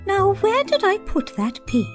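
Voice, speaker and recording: A woman's voice: extremely high pitch, huge pitch swings, a little slow, soft background music, full character voice. A woman voicing a bossy, fussy fairy-tale queen in a cartoon, with a sing-song delivery. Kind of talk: cartoon voice acting.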